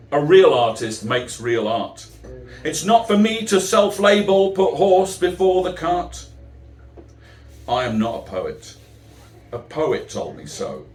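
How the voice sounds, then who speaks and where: Wry poet, lively, roomy and distant. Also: male voice, mid-range voice. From England. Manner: wry, self-mocking humor between rhyming verses. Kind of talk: live poetry performance. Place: chapel venue. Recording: roomy, distant live recording.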